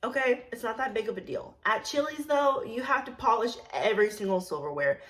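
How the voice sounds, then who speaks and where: Young woman ranting a storytime, kinda high voice, lots of "like", swears, goes from mumbly to loud. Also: expressive, brisk. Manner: chatty, blunt, swears freely, many "like" fillers; swings from low and quiet to loud and indignant. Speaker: vlogger telling a work story. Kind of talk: casual storytime monologue.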